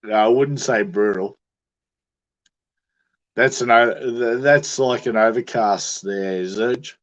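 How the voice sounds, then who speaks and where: A man's voice: medium pitch, takes it slowly, fairly bright tone. An Australian man bantering casually on a livestream, swearing often, laughing easily and sounding drunk.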